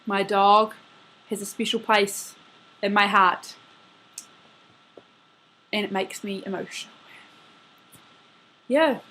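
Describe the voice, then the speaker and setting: A woman's voice: medium pitch, little pitch movement, slow pace, long pauses, bright, forceful tone, a little hiss or hum. An eighteen-year-old woman talking to her best friend in a casual video message from her bedroom, rambling and filling her talk with "like" and "um". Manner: chatty, rambling, full of "like" and "um".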